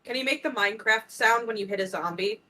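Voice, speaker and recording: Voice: mid-range voice, fast, background noise. A player at a tabletop game, talking in a dry, matter-of-fact way. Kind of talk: casual game chat.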